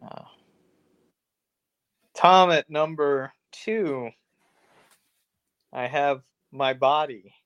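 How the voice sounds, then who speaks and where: A man's voice: a little high, extremely slow, long pauses, a bit bright, clear, resonant tone, dull audio. Rambling, self-deprecating male podcaster. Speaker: podcast co-host. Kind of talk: casual podcast chat.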